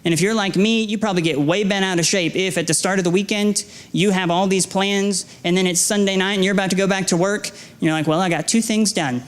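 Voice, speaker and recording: A young man gives a guest sermon in a church, his voice sitting high for a man. He exhorts with stacked, repeated phrases and stammers into restarts when he leans on a point, mixing in self-deprecating stories. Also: steady tone, fast talker, hardly any pauses, smooth. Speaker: guest preacher. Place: church sanctuary.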